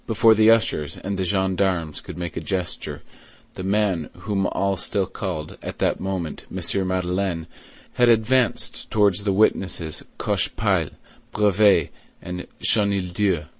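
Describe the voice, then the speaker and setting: A man reading a classic novel aloud as an audiobook in a measured, even way. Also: deep voice, no room sound. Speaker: audiobook reader. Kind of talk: scripted narration.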